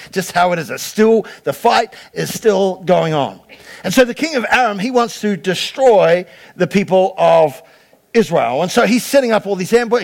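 A man preaching a sermon as a pastor, retelling a story with animated voices and frequent stammered restarts. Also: sits high, gravelly.

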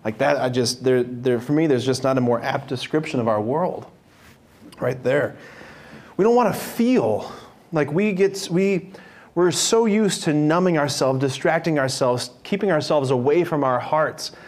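A man's voice: on the high side, a little slow, a little mellow. A young man giving an informal spiritual talk to a parish group, chatty, restarting sentences and laughing often. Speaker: speaker at a parish faith program.

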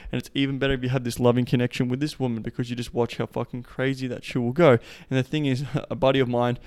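A man hosting a casual podcast monologue with a smooth, resonant voice. His pitch stays fairly level and doesn't rise or fall much. He talks loosely, swears freely, and keeps falling back on filler phrases. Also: flat delivery, quick pace, a little mellow. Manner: profane, loose, full of "like" and "the thing is". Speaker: podcast host.

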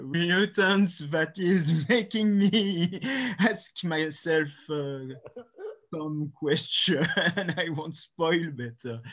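Slow halting man. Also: a little high, fairly bright tone. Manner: halting, many "uh" pauses. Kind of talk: casual chat.

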